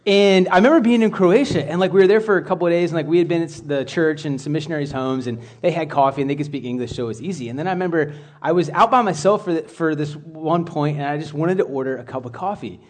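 This is a man with a slightly higher voice, giving a relaxed, chatty sermon. He talks like he is catching up with friends, drifting into side stories and starting his sentences over. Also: quick pace, few pauses. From United States. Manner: chatty, rambling with asides and restarts. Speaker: church speaker. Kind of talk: casual conversational sermon.

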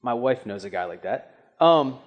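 A young man preaching a sermon in a casual, storytelling way, acting out quick asides and questions. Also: medium pitch, expressive. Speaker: pastor.

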